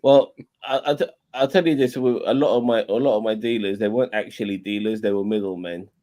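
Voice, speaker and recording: A man with a fairly low voice chats loosely on a stream. He rambles, stumbles over repeated words and swears freely. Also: fast, warm tone. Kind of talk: casual chat.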